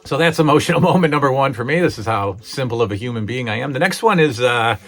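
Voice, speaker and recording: A man's voice: medium pitch, animated, fast talker, fairly bright tone. A middle-aged man hosting his own channel, rambling earnestly in a nostalgic, casual chat. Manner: rambling, earnest, many fillers. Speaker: channel host.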